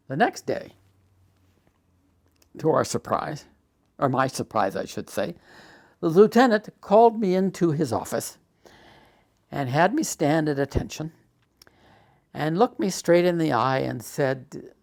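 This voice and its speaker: An older man casually telling a memoir story, unhurried with frequent "uh" fillers. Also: fairly high pitch, very animated, darkish tone. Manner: unhurried storytelling, many "uh" fillers, acts out quoted dialogue. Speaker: storyteller recounting his life.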